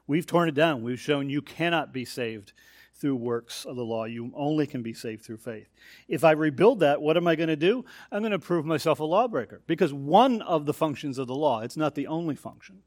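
A man's voice: on the high side, darkish tone, no room sound, studio quality. A man preaching an expository sermon, explaining a text point by point and putting hard stress on the key phrases.

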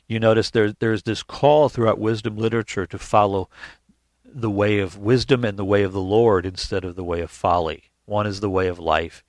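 A man's voice: lowish voice, creaky, dry recording. A man preaching a sermon in an earnest teaching tone, reading scripture aloud and often restarting his phrases. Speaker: pastor.

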